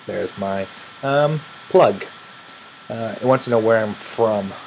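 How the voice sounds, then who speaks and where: A tired man with a Midwestern American accent and a fairly low voice. He rambles in a loose, casual way and yawns between words. A faint hiss runs under the recording. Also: takes it slowly, darkish tone, low-quality recording. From Illinois, raised in Missouri. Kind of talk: casual vlog, answering questions.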